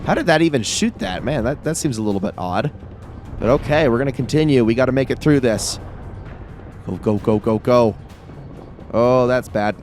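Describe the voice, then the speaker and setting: A man's voice: mid-range voice, expressive, normal speed, pauses often, a little mellow, soft background music. A man hosting a let's play, giving casual running commentary and reacting aloud to the game.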